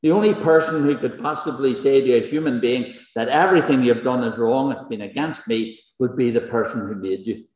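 In an echoey church hall full of worshippers, where the reverb lingers, this pastor delivers his sermon briskly with hardly any pauses. He has a mid-range, darkish voice and preaches with emphasis, repeating phrases and posing rhetorical questions.

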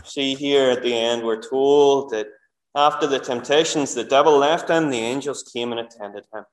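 A man's voice: mid-range voice, normal speed. A man preaching a sermon in church, earnest and asking the congregation rhetorical questions. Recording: echoey church room.

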